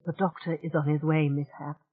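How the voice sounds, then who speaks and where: A woman voicing a gentle young man who speaks in a mellow, soothing, sincere way. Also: deep voice, level tone, phone-quality sound. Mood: sympathetic. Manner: soothing, slow.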